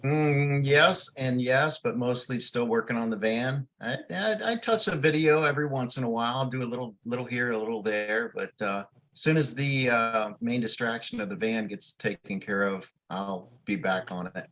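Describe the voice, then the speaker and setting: A man's voice: medium pitch, moderate pace, few pauses, fairly bright tone. A laid-back man chatting casually as a podcast panel member over a video call.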